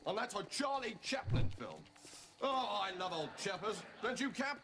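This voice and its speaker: A gushing posh young lieutenant. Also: male voice, sits high, animated, moderate pace, vocal fry. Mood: jolly. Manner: boisterous, gushing, cheerfully naive. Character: jolly, naive upper-class young male lieutenant. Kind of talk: sitcom acting. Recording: noisy TV audio with studio laughter.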